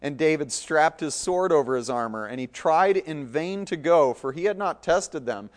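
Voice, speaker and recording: A man with a slightly raised pitch reads a scripture passage aloud. He keeps a measured pace and drops in casual asides to explain the story. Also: lively intonation. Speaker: Bible teacher. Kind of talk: scripture reading with commentary.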